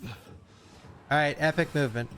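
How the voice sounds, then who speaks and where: A man's voice: on the high side, a bit bright, slight background noise. A young man streaming, chatting casually through a reaction to a speedrun with lots of fillers. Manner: chatty, fast asides, frequent fillers.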